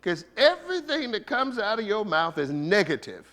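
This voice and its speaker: A male bishop delivers a sermon in a high, animated voice that swoops up and down. He keeps it conversational and playful, tossing rhetorical questions at the room. His speech carries a flavor. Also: normal speed. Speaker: bishop preaching.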